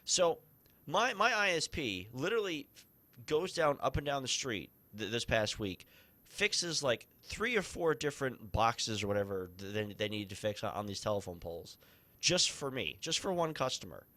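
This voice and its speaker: Male podcast host from Ohio; casual gaming chat, animated, bright, swoops in pitch. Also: moderate pace, no room sound. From Ohio, USA. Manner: animated, acts out quotes in exaggerated voices.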